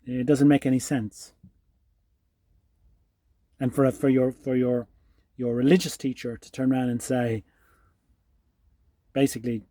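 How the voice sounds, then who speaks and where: A man hosting his own channel, talking calmly and reflectively to the camera, often restarting his sentences. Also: mid-range voice, moderate pace, pauses often, no echo. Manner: calm, musing, with frequent restarts. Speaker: channel host. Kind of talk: reflective solo talk to camera.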